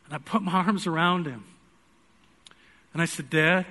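In a church, a man preaches a sermon and earnestly tells a personal story, moving between loud pleading and hushed, quiet stretches. His voice sits on the high side, and he speaks at a normal speed.

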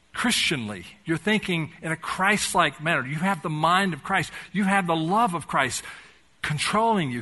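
Folksy pastor, bright voice. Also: male voice, a little high. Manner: conversational preaching with folksy humor, rising to fervent emphasis. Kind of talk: sermon.

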